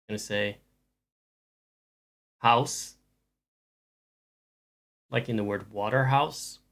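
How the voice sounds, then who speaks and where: A man's voice: medium pitch, gravelly, a bit bright. Rambling, joking male streamer. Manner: rambling, dry joking, many restarts. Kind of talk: casual stream chat.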